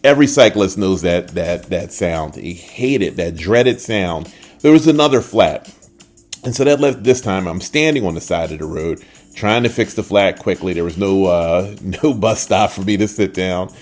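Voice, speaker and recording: An older man hosting a short podcast, telling a personal story in a casual, lively way and acting out the people he quotes. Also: low voice, moderate pace, faint music behind. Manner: animated, acts out quoted voices, trails off at the end. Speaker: podcast host.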